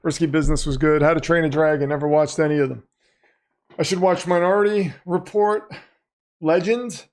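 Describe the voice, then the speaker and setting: A man's voice: on the high side, steady tone, moderate pace, a little mellow. A man hosting a live stream, chatting casually, reading out viewer comments and calling plays as they happen. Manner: chatty, reads viewer comments aloud, muses off-topic. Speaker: livestream host reacting to a football game.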